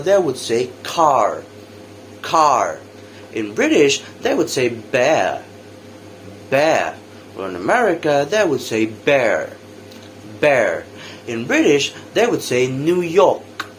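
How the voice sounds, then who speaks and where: A young Indonesian-accented man is a student teacher running a practice English lesson, slowly repeating example words for drilling. His pitch is medium, and there's a touch of background noise.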